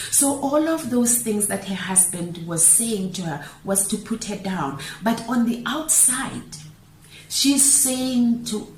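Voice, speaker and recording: A woman's voice: medium pitch, far from the mic. A woman giving an earnest, emphatic storytelling talk as a motivational speaker, her voice sometimes dropping to a near-whisper. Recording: roomy echo, voice from off the mic, faint hiss.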